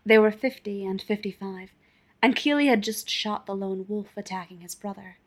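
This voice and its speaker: A woman narrating a fan-written story in a calm, measured reading voice. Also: mid-range voice. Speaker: fanfiction audiobook reader.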